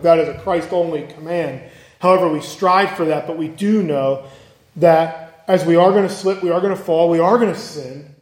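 A man's voice: high-pitched, normal speed, a little mellow. A man preaching a sermon in an earnest way, now and then acting out the people he quotes. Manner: earnest, acts out quoted voices. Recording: echoey room.

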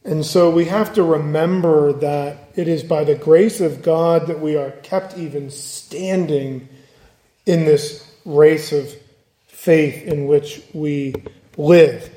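Male preacher, high voice, earnest, acts out quotes, echoey church hall. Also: steady tone, slow pace, dark tone. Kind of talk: sermon. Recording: echoey room.

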